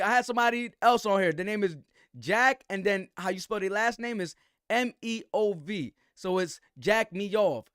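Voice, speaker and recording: A man's voice: high voice, fairly quick, a bit bright, dry recording. A man hosting a livestream, giving heated, slangy commentary full of restarts. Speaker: host.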